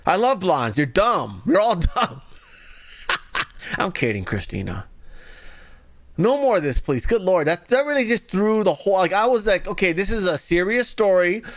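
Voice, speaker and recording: A man's voice: high voice, unhurried, long pauses. Sarcastic male livestream commentator. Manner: sarcastic, mocking, animated. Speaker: livestream news commentary host. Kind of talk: casual political commentary.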